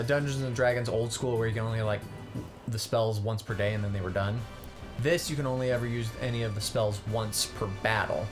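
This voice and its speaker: A man casually commenting on a game he plays, explaining its systems with plenty of ums. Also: medium pitch. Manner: relaxed, explanatory, many ums and uhs. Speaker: co-host and player of a gaming channel. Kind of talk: casual let's-play commentary.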